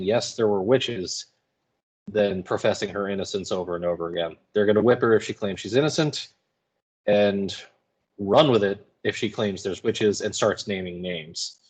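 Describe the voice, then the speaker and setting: A man's voice: fairly low pitch, breathy edge. A male student giving informal, explanatory commentary on a play he reads aloud for class. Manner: informal, explanatory, quick asides. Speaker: student reader. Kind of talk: casual literary commentary.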